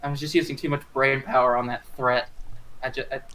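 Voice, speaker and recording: A man's voice: mid-range voice, little pitch movement, sharp tone, poor audio. A man playing a tabletop game, talking in a casual, hesitant way with many fillers. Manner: slow, hesitant, filler-heavy. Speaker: player.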